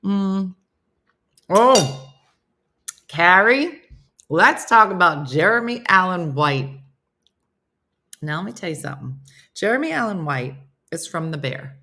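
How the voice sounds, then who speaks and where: A woman's voice: low voice, very animated, normal speed, sharp tone. A middle-aged American woman hosting a casual live morning show, chatting and joking with viewers by name in a self-mocking way. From United States. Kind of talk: casual live-stream chat reading comments.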